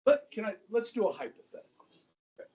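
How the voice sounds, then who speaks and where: A middle-aged male high school history teacher telling a story to his class, checking in with "okay?" and acting out the people in it. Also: big pitch swings, fast, dark tone, lo-fi sound. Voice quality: conversational, acts out quoted voices, asks "okay?" often. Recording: distant mic in a classroom, faint room noise.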